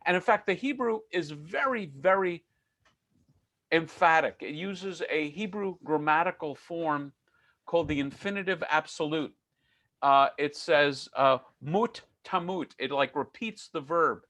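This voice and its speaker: A man's voice: a little high, measured pace, pushed and bright, dry recording. A man giving an online lecture on myths, talking in a conversational, digressive way with dry jokes.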